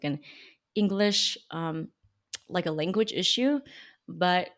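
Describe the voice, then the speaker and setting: Emphatic lower-voiced woman PR coach. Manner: emphatic, with big pitch jumps when reacting. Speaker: small business PR coach and podcast host. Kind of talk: casual critique read to camera.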